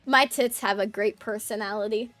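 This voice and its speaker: A woman's voice: medium pitch, steady tone, normal speed, a bit bright, faint music behind. A woman streamer chatting casually with her viewers, rambling, playful and crude, laughing often. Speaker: VTuber streamer. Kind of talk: casual livestream chat with viewers.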